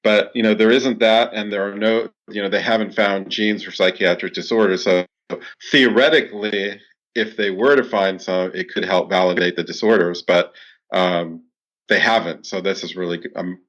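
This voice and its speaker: A man, a clinical psychologist, answering interview questions in a steady explanatory way, with frequent "you know" fillers. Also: low-pitched, moderate pace, poor audio.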